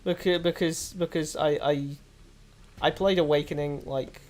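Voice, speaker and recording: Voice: medium pitch, fairly even intonation, measured pace, slight background noise. A host of a casual gaming stream who rambles, analyses the story and hums tunes.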